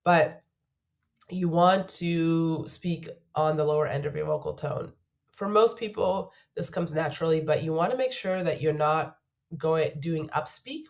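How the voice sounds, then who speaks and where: A woman's voice: sits low, a little slow, darkish tone. A woman job search coach getting over a cold, giving earnest, emphatic advice to camera in a video, repeating her key points.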